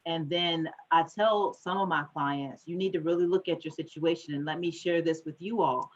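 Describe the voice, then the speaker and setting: Woman, financial advisor at a conference, animated and quick when excited; muffled lo-fi recording. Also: low voice. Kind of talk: conference talk.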